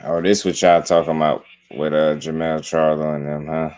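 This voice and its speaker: A man's voice: very deep voice, flat delivery, moderate pace, darkish tone, smooth. A man hosting a boxing reaction channel, talking in a casual, rambling way full of slang and repeated "you know what I'm saying". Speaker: boxing commentary channel host.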